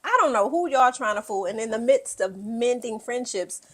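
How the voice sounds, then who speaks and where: A woman's voice: fairly high pitch, moderate pace. A woman giving a casual, blunt and profane recap of a reality show, acting out what people said. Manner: animated, blunt and profane, acts out quotes.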